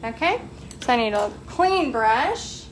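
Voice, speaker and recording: Painting live, an upbeat host with a high, bright voice chats away slowly and animatedly, calling her viewers "y'all." Her voice echoes off the room's walls, and a faint hiss of noise sits underneath.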